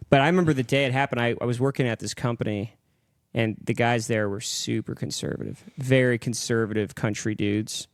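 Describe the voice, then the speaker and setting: A young man hosting a podcast, telling stories in casual, profane, animated chat. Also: mid-range voice, fairly quick, no echo, clean studio sound. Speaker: podcast host.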